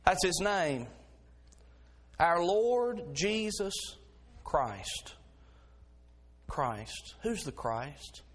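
A man's voice: high voice, big pitch swings, extremely slow, long pauses, breathy edge. Folksy man preaching a sermon. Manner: folksy storytelling, swells to fervent preaching. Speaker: pastor.

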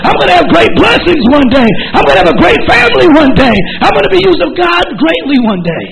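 A man's voice: extremely high pitch, big pitch swings, fast, a loud crowd, voice pushed up, heavily acted, poor audio. A man preaching who voices a righteous young servant refusing temptation, pleading and emphatic, with many repeated phrases. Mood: resolute.

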